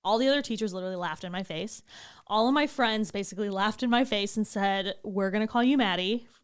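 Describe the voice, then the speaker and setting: A woman's voice: medium pitch, fast talker, smooth. A young woman co-hosting a podcast, telling a story in a casual chat, acting out quotes and swearing freely. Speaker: podcast co-host.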